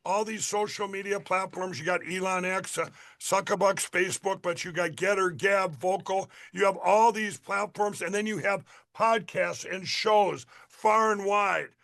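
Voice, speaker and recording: A middle-aged man from Minnesota with a high voice for a man, a candidate guest on a radio interview. He rambles and pushes his points hard, restarting sentences again and again as he builds momentum. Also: fairly even intonation, unhurried, creaky, hardly any pauses, fairly bright tone. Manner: rambling, emphatic, many restarts.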